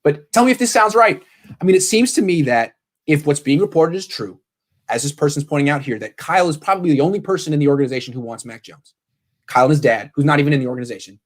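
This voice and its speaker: A man hosting a casual sports talk show, animated, often quoting others in quick voices. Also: fairly high pitch. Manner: animated, quotes people in quick impressions. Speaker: podcast host.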